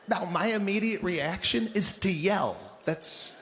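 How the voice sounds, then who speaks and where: A man doing stand-up comedy, telling stories in an animated, exasperated way. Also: high voice, measured pace, hardly any pauses, big-room sound, background noise.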